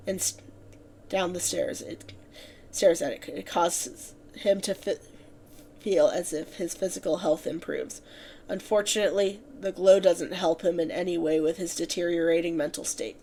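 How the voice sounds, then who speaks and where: A woman's voice: fairly low pitch, mellow, a little hiss or hum. A woman reading her own fanfiction aloud on a stream, narrating plainly with slips and restarts.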